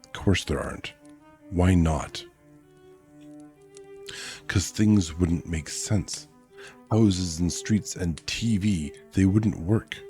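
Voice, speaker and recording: A man's voice: low-pitched, slow, long pauses, warm tone, soft background music. A man voicing an anxious, fretful boy who pleads for order, in a novel read-aloud.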